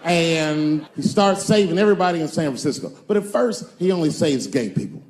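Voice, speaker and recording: Male stand-up comic on stage, bit high, lively pitch, shouts punchlines, laughing crowd. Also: a little fast, long reverb tail. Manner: loose, animated storytelling with sudden shouts and put-on voices. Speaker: stand-up comedian. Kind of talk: stand-up comedy set. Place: stage before a laughing audience.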